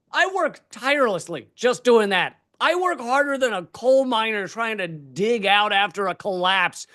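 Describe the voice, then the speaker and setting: A man comedian delivering a profane, animated stand-up rant. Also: high voice. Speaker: comedian streamer.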